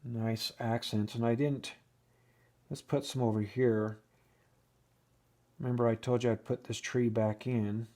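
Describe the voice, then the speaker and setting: A man's voice: mid-range voice, little pitch movement, unhurried, long pauses, darkish tone. A man giving a casual oil painting lesson, thinking aloud and restarting sentences as he works at the easel. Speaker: painting instructor.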